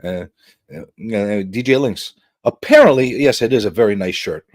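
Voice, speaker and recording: A man's voice: lowish voice, lively intonation, normal speed. A man hosting a casual livestream talk show, joking with his panel, swearing freely and drawing out his points with emphatic asides.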